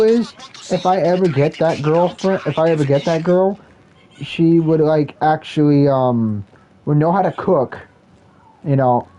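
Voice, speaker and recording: A man's voice: on the high side, mellow, muffled recording. A man ranting casually while playing a game, rambling and restarting his sentences often. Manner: rambling, repetitive, many restarts. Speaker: gaming vlogger. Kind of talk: casual rant while gaming.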